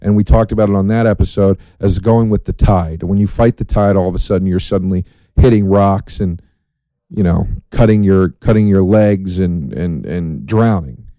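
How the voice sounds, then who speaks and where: A man hosting a solo podcast, talking in a profane, sardonic, rambling way with dark jokes. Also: low voice, moderate pace, no echo. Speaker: podcast host.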